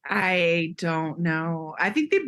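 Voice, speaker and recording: A woman's voice: on the low side, slow pace, a bit bright. A woman co-hosting a podcast, giving her opinions in an emphatic, casual way. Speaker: podcast co-host.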